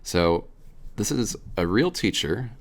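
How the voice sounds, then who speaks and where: A man's voice: fairly low pitch, big pitch swings, takes it slowly. A young man co-hosting a casual talk show, rambling and laughing as he tells a story. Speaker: podcast co-host.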